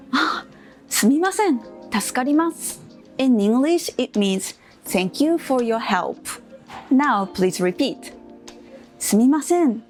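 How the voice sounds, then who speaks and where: A woman teaching beginner phrases in English, speaking clearly and carefully and leading slow repeat-after-me drills. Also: fairly high pitch, a little mellow. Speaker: Japanese language teacher. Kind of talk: scripted language lesson for beginners.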